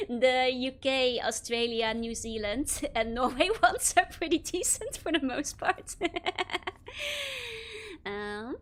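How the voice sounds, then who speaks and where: A young woman streamer with a Dutch accent, talking casually over a game and answering her viewers. She giggles often, and her voice sits a bit high. Faint noise hums underneath. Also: a bit bright. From Netherlands. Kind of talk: casual chat while playing a game.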